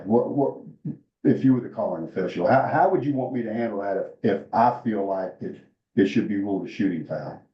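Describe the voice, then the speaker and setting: A low-voiced man walks officials through basketball rules, loose and conversational, stopping and restarting often. His voice sounds roomy and a little muffled, as if picked up in a hall on a lo-fi mic. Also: animated, fairly quick. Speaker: clinic presenter for basketball officials. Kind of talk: rules instruction and discussion.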